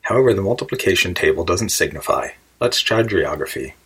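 A man's voice: low-pitched, lively intonation, a little fast, a bit bright, breathy edge, full character voice, rough recording. A man voicing a curious, puzzled young girl who frets and wonders aloud in an audiobook reading. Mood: fretful. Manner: wondering, fretful musing aloud.

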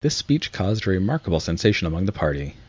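A man reads a storybook aloud in a steady, measured way. His voice is deep and husky. The recording sounds slightly muffled. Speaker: narrator. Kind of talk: storybook reading.

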